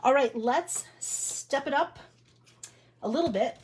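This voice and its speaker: A card-making demonstrator hosts a chatty live-stream craft demo from her home craft room, captured by a mounted camera. Her voice sits high with a darkish tone, and she takes things slowly, laughing often and filling her speech with fillers.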